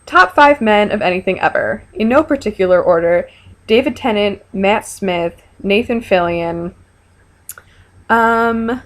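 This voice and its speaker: A young woman chatting to her camera as she answers viewer questions, frank and playful. Her talk is loose and full of fillers, and she speaks at an ordinary, mid-range pitch. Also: measured pace. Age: young adult. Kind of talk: casual chat.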